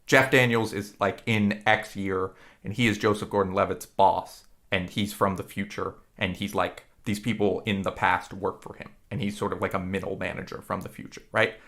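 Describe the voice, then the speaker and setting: A man's voice: sits low, steady tone, a bit bright. A man co-hosting a podcast, rambling and swearing casually as he retells movie scenes. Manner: rambling, profane, retells scenes with quick impressions. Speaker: podcast co-host.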